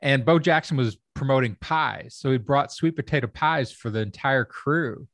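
A man's voice: medium pitch, moderate pace, no room sound. Rambling man from Kentucky. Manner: rambling, relaxed, many fillers. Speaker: comedy writer and stand-up comic, guest. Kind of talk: casual storytelling chat.

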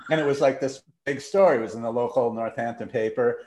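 A man's voice: mid-range voice, fast, a little mellow, a little hiss or hum. Chatty man telling stories in a roomy space. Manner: rambling anecdotes with quoted voices and laughter. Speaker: podcast guest, TV writer and showrunner. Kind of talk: casual storytelling chat. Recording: roomy echo.

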